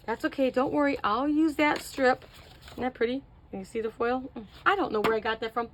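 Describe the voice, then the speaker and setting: A middle-aged woman with a somewhat high voice walks viewers through a craft project at home. She chats as she works and pokes fun at her own mistakes. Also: animated, a little fast, slight background noise. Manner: chatty, self-mocking, talks to viewers while working. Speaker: craft video host. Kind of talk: casual craft tutorial.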